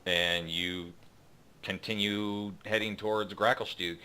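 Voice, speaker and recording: A man narrating a tabletop game as game master, halting with many fillers. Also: fairly low pitch, steady tone, background noise.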